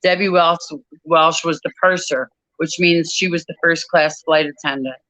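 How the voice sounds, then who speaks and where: Bright-toned woman recalling events, measured. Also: deep voice, fairly even intonation, no room sound, rough recording. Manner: measured, reflective storytelling with frequent pauses. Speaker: author and guest. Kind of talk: personal recollection in an interview.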